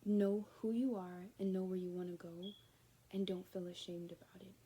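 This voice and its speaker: A woman with a warm, steady, lowish voice gives her viewers a casual, rambling spiritual card reading at a moderate pace, often dropping to a near-whisper. Slight background noise is present.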